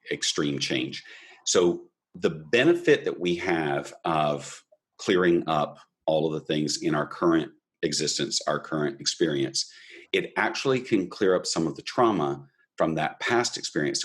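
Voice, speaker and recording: A man hosting an interview, asking gentle, probing questions that often stall and restart. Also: extremely low pitch. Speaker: host. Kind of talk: conversational interview.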